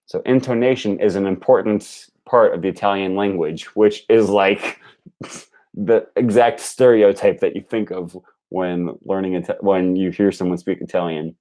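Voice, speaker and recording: A young man on a casual live stream, practicing and repeating phrases out loud while chatting with viewers and correcting himself. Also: low voice, fairly even intonation, normal speed. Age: young adult. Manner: laughs at own jokes, self-correcting. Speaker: language learning streamer.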